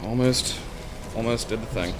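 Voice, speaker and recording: A man's voice: medium pitch, moderate pace. A man playing a video game and chatting casually, muttering dry remarks and swearing at the game. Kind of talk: casual let's-play chat. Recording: background noise.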